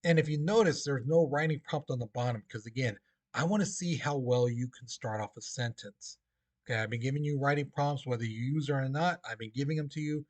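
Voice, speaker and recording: A male teacher talks students through a history lesson in a casual, chatty way. He keeps checking in with "okay?" and fills pauses with "um" and "uh". His voice sits at an ordinary middle pitch. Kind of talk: classroom lecture to students.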